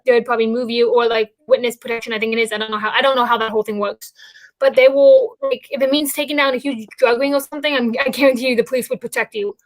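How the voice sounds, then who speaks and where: Hosting a podcast about musicals, a woman with a high-pitched voice talks loosely, drifting between ideas, circling back, and restarting with lots of fillers. Her relaxed delivery feels like an easygoing conversation among friends.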